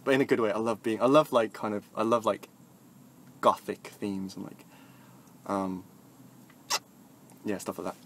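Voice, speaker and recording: A young man vlogging into his phone in a free-flowing motivational ramble. He swears a lot and swings from soft mumbles to loud, half-sung bursts. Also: fairly low pitch, normal speed, long pauses, a little hiss or hum. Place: moving vehicle, talking to a phone.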